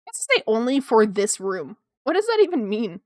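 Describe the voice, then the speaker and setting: A young woman chatting casually with her viewers while drawing on stream, excitable and quick to swear. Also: on the high side, dry recording, clean studio sound. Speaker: art streamer.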